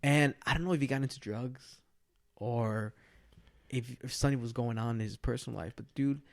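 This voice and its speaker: A man's voice: mid-range voice, a little fast, gravelly. A young man co-hosting a casual podcast, rambling through a story and acting out what other people said. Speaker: podcast co-host.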